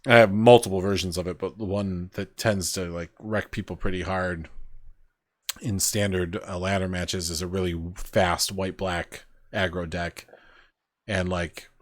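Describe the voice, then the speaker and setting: Deep-voiced man in casual podcast chat. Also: steady tone, a little slow, no echo. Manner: rambling, filler-heavy storytelling. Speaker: podcast host.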